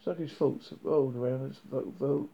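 A man reading a novel aloud, halting, with frequent slips and restarts. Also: medium pitch, steady tone, gravelly, warm tone. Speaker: reader. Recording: dull lo-fi recording.

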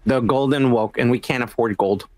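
A man's voice: medium pitch, normal speed, darkish tone, no echo. Laid-back joking man, dry sound. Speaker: podcast co-host. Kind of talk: casual profane chat.

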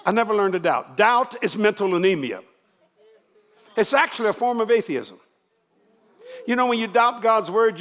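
A man's voice: sits high, a bit bright. An older man preaching to a congregation, joking and laughing as he goes. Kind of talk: church sermon.

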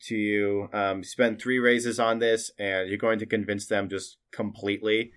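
Guy gm narrating a tabletop game, chatty, ums a lot, bright voice. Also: on the low side, flat delivery, unhurried, smooth. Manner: chatty, laughs often, lots of fillers. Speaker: game master.

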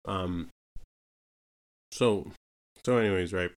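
Speaking slowly in a deep voice, a young man from Canada who hosts a podcast rambles through a personal story. His casual telling is full of fillers such as "right" and "you know what I mean," plus asides he keeps repeating.

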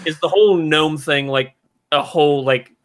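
A man's voice: on the high side, moderate pace, fairly bright tone. A man co-hosting a casual podcast about films, rambling and playful. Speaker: podcast co-host. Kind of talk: casual film chat.

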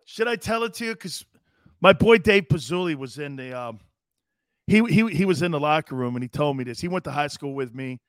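A middle-aged man from Connecticut hosting a sports radio show, loud and rambling, laughing and doing voices for his stories. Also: on the high side, expressive, fairly quick, no room sound, clean studio sound. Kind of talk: animated sports talk.

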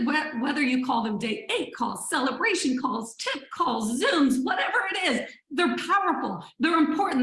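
A woman leading a motivational training call for health coaches, energetic, playful and emphatic. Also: high voice, reverberant, low-quality recording.

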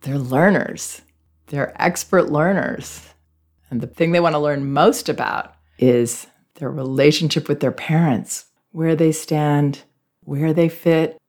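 A woman hosting a parenting advice podcast, speaking gently and reflectively as she talks through a child's behavior. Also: sits low, fairly even intonation, slow pace.

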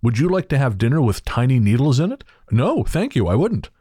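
A man co-hosting a podcast, talking in a halting way with restarts and self-deprecating laughs. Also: medium pitch, big pitch swings, mellow, husky, dry recording, clean studio sound. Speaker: podcast co-host. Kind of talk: casual chat.

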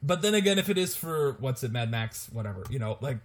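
A man's voice: mid-range voice, sing-song, quick pace. A young man co-hosting a podcast in casual chat, joking and laughing often. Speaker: podcast co-host.

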